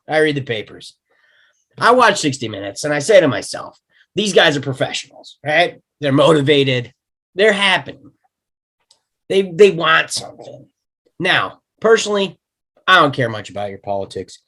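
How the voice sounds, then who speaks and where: An actor at a table read, playing a slick, brash executive with a wheedling sales patter. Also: male voice, fairly high pitch, fairly bright tone, full character voice. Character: slick fast-talking male executive.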